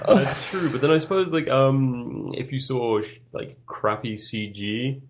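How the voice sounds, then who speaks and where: A man's voice: medium pitch, lively intonation, measured pace. A man, an artist guest on a casual podcast, speaking hesitantly with frequent restarts. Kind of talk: casual chat.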